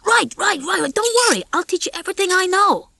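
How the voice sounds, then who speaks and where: A woman voicing a brash, cocky male rooster on the run, fast-talking and wisecracking. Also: extremely high pitch, animated, gravelly, bright, forceful tone, no room sound, pitched above the performer's own voice, full character voice.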